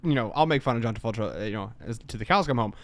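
A man's voice: medium pitch, expressive, racing, fairly bright tone. A young man from the East Coast, co-hosting a casual podcast chat and rambling off on tangents. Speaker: podcast co-host.

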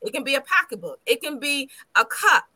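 Woman co-host, high bright voice, friendly advice-giver. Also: big pitch swings, a little fast. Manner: encouraging, gives practical advice. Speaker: podcast co-host. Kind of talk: casual chat.

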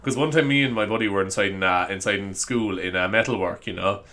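A man's voice: fairly low pitch, quick pace, bright, forceful tone. A young man hosting a solo comedy podcast, rambling and swearing with self-mocking humor. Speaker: podcast host.

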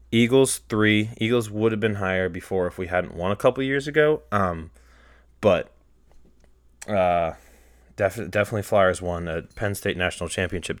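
A young man hosting a solo podcast, rambling in casual chat and getting heated, sometimes close to yelling. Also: lowish voice, no echo. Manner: rambling, heated, rises to near-yelling when retelling anger. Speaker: podcast host.

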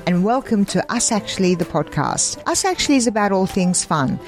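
A woman's voice: mid-range voice, lively intonation, fairly quick, soft background music. A woman co-hosting a podcast in casual chat, teasing her co-host and laughing often.

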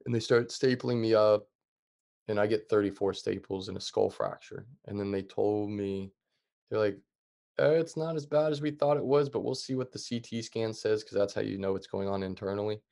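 A young adult man talks as a podcast guest, his low voice gravelly with vocal fry. He keeps an even, flat delivery and tells events plainly, leaning on fillers as he goes. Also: moderate pace. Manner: calm, plain retelling with many fillers. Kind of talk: casual storytelling.

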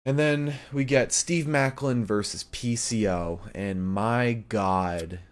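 A man's voice: mid-range voice, slow pace. A man co-hosting a podcast, recapping a show in rambling casual chat with lots of fillers and laughs. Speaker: podcast co-host.

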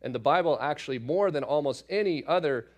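A man, a father, teaching through a Bible passage in a relaxed, conversational way, with asides and fillers as he explains. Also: fairly high pitch, a little fast. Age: adult parent.

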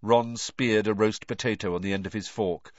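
Low, animated male audiobook narrator; dry, dull lo-fi recording. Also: moderate pace, dry recording. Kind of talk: storybook narration.

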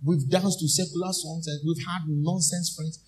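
A man's voice: fairly high pitch, steady tone, normal speed, a little mellow. A man preaching a sermon as a minister. He calls out questions to the congregation and draws out his key phrases with emphasis. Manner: call-and-response, repeating phrases to the congregation.

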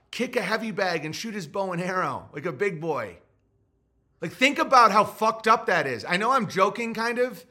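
A man's voice: high-pitched, sharp tone. A man hosting a podcast, riffing through rambling, profane comedic commentary. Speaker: podcast host.

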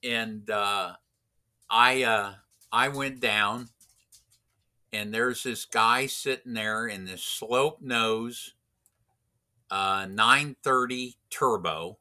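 A man tells a long anecdote in a casual, rambling way, circling back with restarts and fillers. He talks slowly, and his voice has a very bright tone. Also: on the low side. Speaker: racing driver instructor. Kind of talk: casual storytelling.

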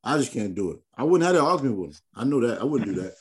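A man hosting a podcast in casual chat, talking in an animated, slangy, emphatic way. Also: mid-range voice, very fast. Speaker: podcast host.

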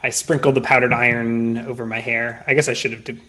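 A man plays a tabletop game in a casual, hesitant way, filling his talk with likes and restarts. His voice sits at an ordinary middle pitch. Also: little pitch movement, a little fast, pushed and bright. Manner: hesitant, many fillers and restarts. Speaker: player.

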